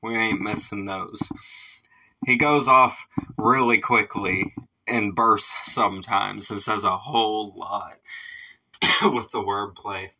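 Mellow-paced man with a bright voice. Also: lowish voice, steady tone, slow, poor audio. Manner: laid-back, laughs often, swears casually. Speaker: music reaction host. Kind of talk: casual reaction commentary. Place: his home recording studio.

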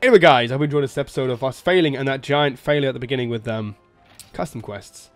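A young man with an excitable, joking manner, commenting loudly on an online multiplayer game with friends. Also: medium pitch, fast, soft background music. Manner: yelling, laughing, joking with friends. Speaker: gaming YouTuber.

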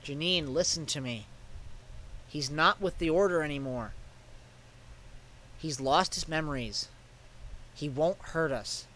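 A man reading game dialogue aloud, voicing a calm, composed grown man in a quiet, measured, reassuring way. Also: a little high, voice pushed down.

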